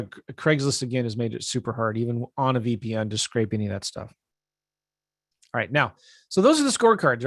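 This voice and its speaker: Man, casual and energetic coach, mid-pitched voice, dry close-mic sound, live online class. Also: dry recording. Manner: casual, energetic, talks straight to viewers. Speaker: real estate investing coach. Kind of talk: live webinar screen-share teaching.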